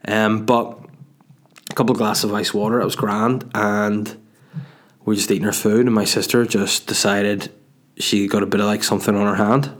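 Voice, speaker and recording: A man's voice: on the low side, flat delivery, normal speed. A man hosting his own podcast from his dining room, telling a profane, self-mocking, rambling story with stumbles and restarts. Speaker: podcast host and stand-up comedian. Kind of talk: casual solo podcast storytelling.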